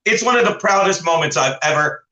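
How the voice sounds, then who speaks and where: A man's voice: high voice, brisk, roomy sound, muffled recording. A man co-hosting a casual comedy talk show, rambling through stories and jumping in with voices of people he describes. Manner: rambling, animated storytelling with impressions. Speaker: co-host.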